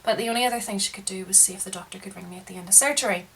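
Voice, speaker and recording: A woman's voice: medium pitch, racing, creaky, a little hiss or hum, poor audio. Frustrated woman venting in a vlog. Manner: frustrated, retelling events with lively quoted dialogue. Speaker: vlogger. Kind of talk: casual ranting monologue.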